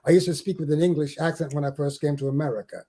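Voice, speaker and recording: An older man from the Caribbean islands, a spiritual teacher telling stories in an interview, given to slow, theatrical recitation with big swells and drops. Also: on the high side, fairly even intonation, mellow, poor audio. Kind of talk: storytelling and dramatic poetry recital.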